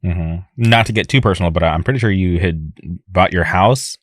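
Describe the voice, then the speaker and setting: A man's voice: deep voice, moderate pace, no room sound, clean studio sound. A young man hosting a podcast, talking in an enthusiastic, rambling way with frequent restarts. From California. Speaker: podcast host. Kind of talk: casual podcast talk.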